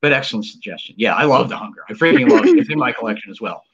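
A man hosts a live stream in a mid-pitched voice, talking with eager enthusiasm. He rambles, restarting sentences and filling gaps with ums and uhs. The stream audio is slightly muffled. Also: wildly swooping pitch, racing, a bit bright, slightly rough. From United States. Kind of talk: casual live stream chat.

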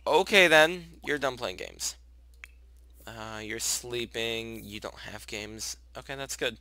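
Slow-talking young man narrating gameplay. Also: mid-range voice. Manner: chatty, talks to his game characters, gushes at cute moments. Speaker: gaming channel host. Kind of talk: casual let's play commentary. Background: soft background music.

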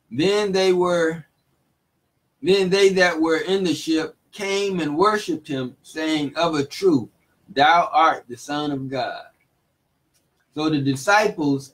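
A man teaching the Bible in a relaxed, casual way, reading verses and retelling them in everyday speech with frequent chuckles. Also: a little high, poor audio.

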